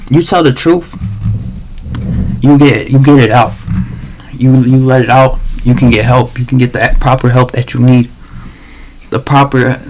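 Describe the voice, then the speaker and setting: A man's voice: medium pitch, a little mellow, slight background noise. A man livestreaming a rambling, slangy monologue full of swearing and restarts.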